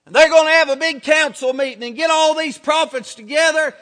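A man preaching a sermon, emphatic and building to shouts on his key points. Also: very high voice, fairly quick. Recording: reverberant hall.

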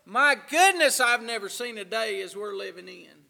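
A male preacher with a very high, bright, tense voice and a gravelly rasp in it. He delivers his sermon in waves, dropping to near-hushed asides and then swelling into loud, stretched-out declarations. The sound carries a long reverb from a church hall. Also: animated. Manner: swings from hushed asides to loud, drawn-out emphasis.

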